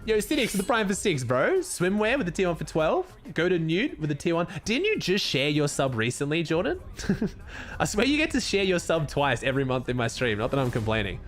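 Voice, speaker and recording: A man's voice: a little high, very animated, fairly quick. Laid-back Australian streamer man. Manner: laid-back, swears casually, reads out and thanks viewers. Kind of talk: casual live-stream commentary.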